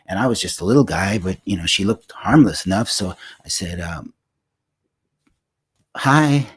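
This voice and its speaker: Man in his sixties, low-pitched, husky, reflective storyteller, halting with fillers and restarts. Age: 60s. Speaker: singer-songwriter hosting a livestream. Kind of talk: personal storytelling.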